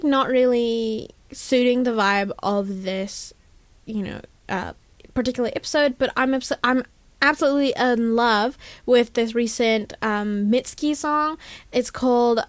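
A young woman hosts a radio show from a studio, chatting about a book in an animated, rambling way. Her voice sits fairly high, and the sound is close and dry. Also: no echo. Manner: chatty, animated, full of "like" and "you know". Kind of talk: casual book review chat.

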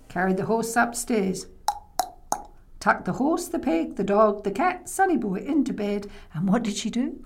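Woman storyteller for kids, slow and expressive, does sound effects, high voice. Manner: playful, with vocal sound effects and audience prompts. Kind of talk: oral storytelling for children.

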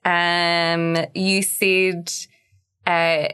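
A woman's voice: fairly low pitch, little pitch movement, extremely slow, pushed and bright, clear, resonant tone. A woman co-hosting a casual podcast, bantering in a playful, easygoing way. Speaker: podcast co-host. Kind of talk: casual chat.

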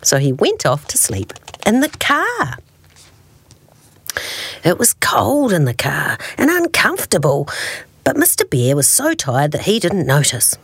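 A woman radio presenter reading a children's bedtime story aloud, expressive and slow, adding playful sound effects. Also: on the low side, slightly rough, dry recording.

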